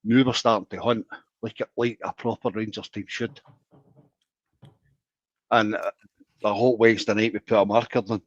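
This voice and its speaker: A man calling into a football phone-in, talking passionately in quick bursts. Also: fairly low pitch, level tone, no echo. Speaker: caller. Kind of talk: casual phone-in chat. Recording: dull dry phone line.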